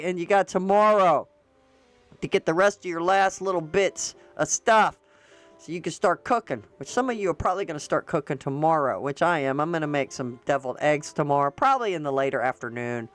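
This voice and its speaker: A woman vlogger chatting casually to her viewers about politics and holidays, rambling and using slang. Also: low voice.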